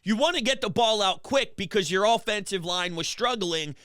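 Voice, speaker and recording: Man, sports talk host, high voice, smooth, fast animated opinions. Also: dry recording, studio quality. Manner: fast, animated ranting with quick restarts.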